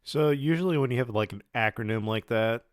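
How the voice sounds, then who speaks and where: A man's voice: medium pitch, brisk, dry recording. A man co-hosting a casual podcast, answering with dry, skeptical quips. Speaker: podcast co-host. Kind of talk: casual chat.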